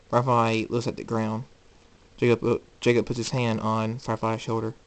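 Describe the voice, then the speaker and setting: A man narrating his own fan story aloud, halting and repeating words. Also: lowish voice, completely flat delivery. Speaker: hobby storyteller.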